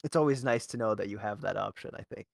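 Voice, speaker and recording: A man's voice: fairly low pitch, fast talker, vocal fry, dry recording. A man hosting a tabletop gaming podcast, easygoing and friendly, laughing often and restarting his questions. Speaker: podcast host. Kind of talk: casual podcast interview.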